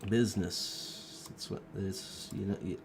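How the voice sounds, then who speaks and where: A man's voice: deep voice, steady tone, measured pace, vocal fry, background noise. A sick young man with a cough, giving rambling, joking gameplay commentary into a desk microphone and drifting off mid-thought. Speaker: gaming video creator.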